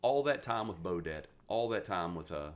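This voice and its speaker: A retired Marine in his forties from West Virginia, USA, tells stories as a guest on a podcast. He speaks bluntly and animatedly, swearing plenty in this casual interview, with a low-pitched voice at a normal speed.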